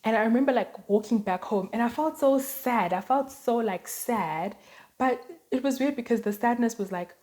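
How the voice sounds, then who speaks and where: A woman's voice: on the high side, moderate pace, darkish tone. Chatty woman vlogging casually. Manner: chatty, storytelling, many fillers and "like". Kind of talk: casual chat to camera.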